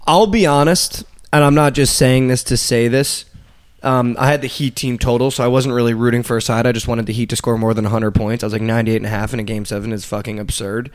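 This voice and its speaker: A young man co-hosting a podcast, chatting casually and telling stories in animated bursts, swearing freely. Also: medium pitch, fast. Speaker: podcast co-host. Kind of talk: casual sports chat.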